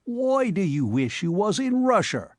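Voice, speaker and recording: A rough cabman argues bluntly, as a man puts him on in an audiobook. His voice is raised and the sound is close and dry. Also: high voice, sing-song, measured pace, no room sound, pitched above the performer's own voice, full character voice. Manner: blunt, challenging. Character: rough working male cabman, quarrelsome.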